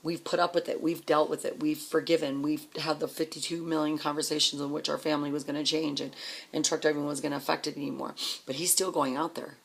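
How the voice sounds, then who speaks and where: Middle-aged woman, raspy edge, telling it straight with plenty of swearing. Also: sits low, flat delivery, fast talker. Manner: blunt, swears often, repeats words when emotional. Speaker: trucker's wife telling her story. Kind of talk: candid personal storytelling.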